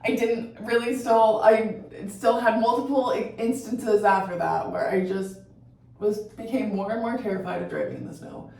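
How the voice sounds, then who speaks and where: A woman's voice: a little high, fairly even intonation, moderate pace, gravelly, a little mellow, distant mic. Chatty profane woman in an echoey room. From Colorado, USA. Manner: chatty and profane, often tags sentences with "right?". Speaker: vlogger. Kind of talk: casual storytelling while doing makeup.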